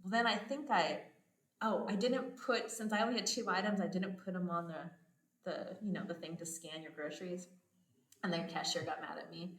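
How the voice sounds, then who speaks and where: A woman's voice: fairly low pitch, fairly even intonation, normal speed, fairly bright tone. A woman hosting a podcast, chatting casually and telling stories with frequent laughter. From United States. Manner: chatty storytelling, laughs often. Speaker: podcast host. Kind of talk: casual chat. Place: home abroad, indoors. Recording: echoey room.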